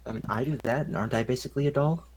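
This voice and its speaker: A woman voicing a sleepy, doll-like construct companion who talks in a flat, literal, drowsy way. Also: rumbling low, very fast, very noisy, voice pushed down. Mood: deadpan.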